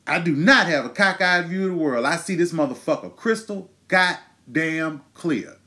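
A man's voice: fairly high pitch, animated, moderate pace, sharp tone. A man in his thirties hosting his own show, ranting with angry, profane emphasis and pointed rhetorical questions. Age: 30s. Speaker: podcast host. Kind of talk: impassioned monologue.

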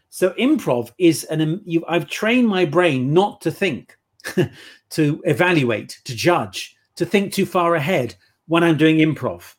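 A man's voice: fairly high pitch, lively intonation, unhurried, slightly rough. A man on a casual interview, telling playful anecdotes about his work as an improv performer. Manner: chatty anecdotal storyteller, playful.

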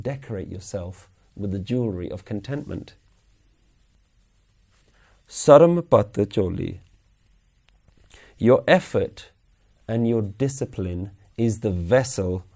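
Earnest male Sikh teacher, mellow voice. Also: fairly low pitch. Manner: earnest, questioning the listeners; chants scripture lines slowly. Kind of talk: religious lecture. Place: weekly class room.

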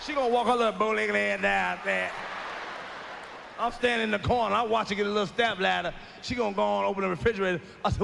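Brash high-voiced stand-up comedian man. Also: steady tone, quick pace, vocal fry, background noise. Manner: brash, profane, shouting punchlines.

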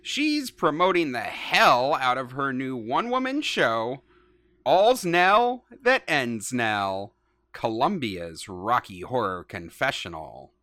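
A woman's voice: rumbling low, big pitch swings, slow, fairly bright tone, no echo, studio quality. A woman co-hosting a casual podcast, joking and reading out news segments. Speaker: podcast co-host.

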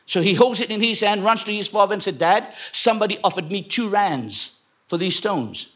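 A man from England preaching a sermon to a congregation, telling a story and then shouting exhortations. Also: high-pitched, animated, moderate pace. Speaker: pastor. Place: church.

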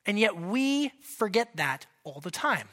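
Pastor guy preaching, bright ringing voice, lively, keeps throwing questions at the crowd and cracking jokes. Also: high-pitched, a little slow. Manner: animated, asks the congregation direct questions, joking asides. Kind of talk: sermon.

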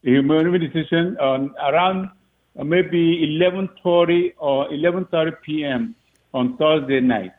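A man, the father of a recruit, telling a story in a rambling, halting way with frequent laughs. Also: a little high. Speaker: father of a recruit, interview guest. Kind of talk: phone interview, storytelling. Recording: tinny phone line.

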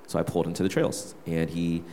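A man's voice: low voice, little pitch movement, fast, dark tone, a little hiss or hum. A young man, a worship leader, candidly telling a personal story to his church gathering. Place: church hall. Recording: reverberant hall.

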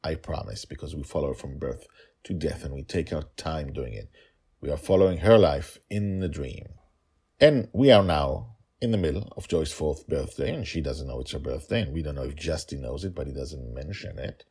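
A man hosting and narrating a fantasy story podcast, animated and chuckling between beats. His voice sits very low with a gravelly creak and a husky grain. His pitch swings widely as he tells the story. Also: moderate pace.

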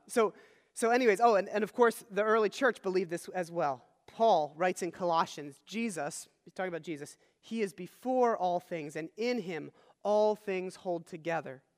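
High-voiced man preaching in a reverberant hall. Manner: earnest teaching, frequent "all right?" check-ins. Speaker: pastor. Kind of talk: sermon.

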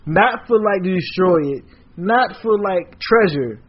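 An excitable man with a husky, slightly high voice rambles on as a podcast guest, filling nearly every phrase with "like". The sound is muffled and lo-fi. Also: a little slow. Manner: excitable, rambling, heavy use of "like". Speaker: podcast guest, comic artist. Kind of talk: casual chat.

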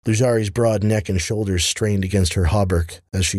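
Low, husky male fantasy narrator. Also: steady tone, moderate pace, hardly any pauses, darkish tone, no room sound, studio quality. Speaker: audiobook narrator.

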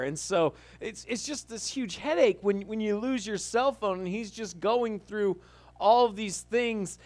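A man with a high voice tells a story in a loose, conversational sermon style. He talks as a pastor would to a congregation, often restarting his phrases. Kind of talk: casual sermon-style talk.

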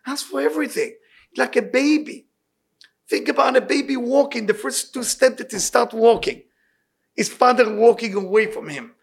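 Raspy high-voiced man preaching with passion. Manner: impassioned, emphatic, repeats key words; loose, halting non-native English grammar. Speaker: rabbi giving weekly inspiration. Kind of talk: sermon with storytelling.

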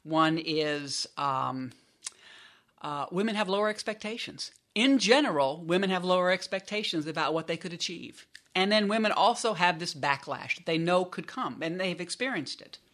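Woman professor, bright and forceful tone, explanatory, restarts mid-sentence. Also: fairly low pitch, animated, normal speed. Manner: explanatory, self-correcting restarts. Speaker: business school professor, guest. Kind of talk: conversational expert explanation.

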